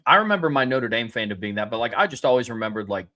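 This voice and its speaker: A young man co-hosting a sports podcast, easygoing and quick to laugh as he shares stories. His voice sits at a plain middle pitch. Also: big pitch swings, bright, forceful tone. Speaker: podcast co-host. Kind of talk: casual sports podcast chat.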